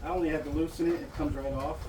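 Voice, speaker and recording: A man's voice: a little high, fairly even intonation, rapid-fire, very noisy. A man talking casually through a do-it-yourself car repair, rambling and explaining each step as he works. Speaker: DIY car repair vlogger. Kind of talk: casual how-to walkthrough.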